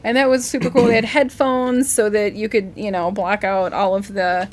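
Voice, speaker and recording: A woman's voice: medium pitch, fairly even intonation, normal speed. A woman co-hosting a casual live stream, telling rambling stories and laughing often. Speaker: co-host, singer.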